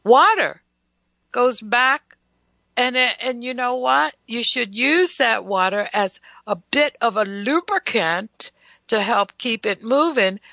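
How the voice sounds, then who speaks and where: A woman's voice: a little high, animated, takes it slowly, vocal fry, bright, forceful tone, no room sound, muffled recording. A woman hosting a casual radio health talk show, emphatic and folksy, who often stutters and restarts her sentences.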